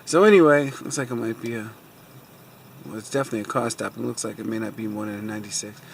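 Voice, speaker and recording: A man's voice: lowish voice, fast talker, gravelly, a little hiss or hum. A man telling a long, rambling story about a car dealership mix-up in a casual vlog, sitting in a parked car and airing his frustration. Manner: rambling, repeats fillers like "so anyway"; aggrieved, venting frustration. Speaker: car vlogger.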